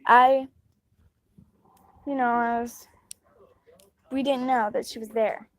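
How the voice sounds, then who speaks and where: A woman's voice: fairly high pitch, fairly even intonation, slow pace. A young woman casually telling a personal story, rambling and acting out what others said. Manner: rambling, retelling dialogue with quoted voices.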